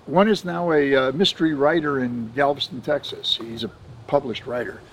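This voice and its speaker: An older man recalls his early years in the benefits business in a relaxed, anecdotal way, slipping into the voices of people he met. His voice sits at an ordinary middle pitch. A faint hiss of background noise runs under the recording. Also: normal speed, poor audio. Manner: anecdotal, chuckles often, quotes others in dialogue. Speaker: benefits administrator telling his career story. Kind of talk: casual storytelling interview.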